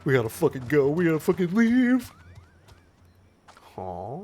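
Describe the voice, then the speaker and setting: A man's voice: on the high side, wildly swooping pitch, measured pace, darkish tone. A man streaming a game, making profane, jokey asides. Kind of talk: livestream gameplay commentary.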